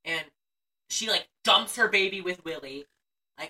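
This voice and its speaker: Co-host: woman, low and bright, swears freely and stays sarcastic, heard from a distance off mic. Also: animated, measured pace. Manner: profane, sarcastic storytelling. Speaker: podcast co-host. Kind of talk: casual movie recap chat.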